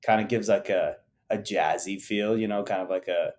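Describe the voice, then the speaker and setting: Easygoing chatty man, lowish voice. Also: fairly even intonation, moderate pace, a little mellow, slight background noise. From Las Vegas area. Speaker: podcast co-host. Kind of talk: casual chat.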